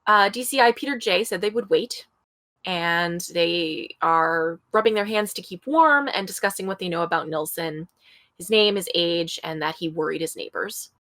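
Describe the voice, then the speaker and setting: Bright-voiced woman telling a story casually. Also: fairly low pitch, moderate pace, no echo, poor audio. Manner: chatty, reads passages aloud and adds her own asides. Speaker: podcast co-host. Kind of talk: casual true-crime storytelling.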